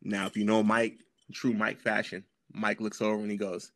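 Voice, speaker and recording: A man talking as a podcast guest, telling a story in a casual, slangy, animated way and clearing his throat now and then. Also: fairly low pitch, moderate pace, no echo, studio quality.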